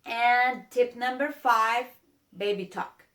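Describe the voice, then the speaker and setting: A woman's voice: on the high side, fairly even intonation, slow, pushed and bright. A woman whose first language is Spanish, teaching with a Spanish accent in a casual video lesson, earnest and drawing out her vowel sounds. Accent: Spanish-speaking.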